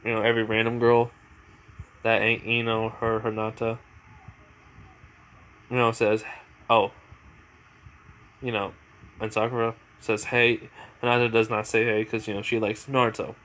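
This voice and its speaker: A man's voice: on the low side, completely flat delivery, moderate pace, pauses often, a bit bright. Rambling man improvising a story. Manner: rambling, many fillers and restarts. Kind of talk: improvised fan fiction narration.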